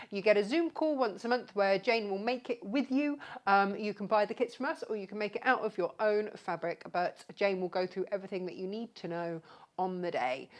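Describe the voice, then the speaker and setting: Woman, live craft show host; talkative, rambling, friendly roll-call of viewers. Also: mid-range voice. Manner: chatty and rambling, greets viewers by name. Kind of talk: live craft demonstration chat.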